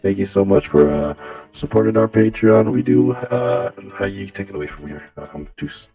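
A man's voice: lowish voice, expressive, loud music behind the voice, rough recording. A podcast co-host, a man speaking through a vocoded robot voice effect, reading out thank-yous to supporters. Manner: slow, halting delivery over a vocoder.

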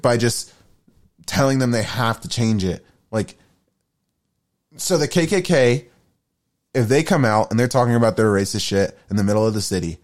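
A man's voice: medium pitch, darkish tone. A young man hosting a solo podcast, rambling through his opinions with frequent swearing and self-deprecating asides. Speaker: podcast host.

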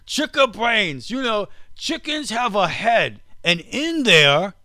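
Man hamming up a shouting mock-Australian bloke. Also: very animated, no echo, studio quality, heavily acted. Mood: boisterous. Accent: exaggerated mock Australian. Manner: shouting, drawn-out, high-pitched. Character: loud mock Australian man raving about a food.

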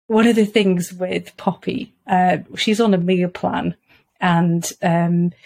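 A woman's voice: mid-range voice, a little mellow. A middle-aged woman, an earnest podcast guest who talks reflectively and often laughs. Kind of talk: conversational interview.

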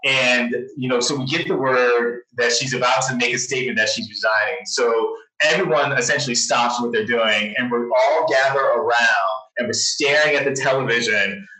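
A man's voice: medium pitch, fairly even intonation, normal speed, sharp tone. Guy journalist rambling thru a story, lots of ums and restarts, sounds far off in a roomy space. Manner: rambling, many restarts and fillers, laughs often. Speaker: newspaper journalist. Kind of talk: casual interview storytelling. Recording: roomy distant mic.

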